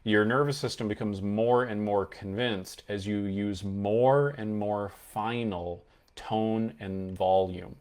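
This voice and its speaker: A man's voice: fairly low pitch, fairly even intonation, slow, a little mellow. A man coaching on mental health, explaining earnestly and showing different tones of voice as he teaches. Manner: earnest, emphatic, demonstrates tones of voice while teaching. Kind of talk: explanatory coaching talk to camera.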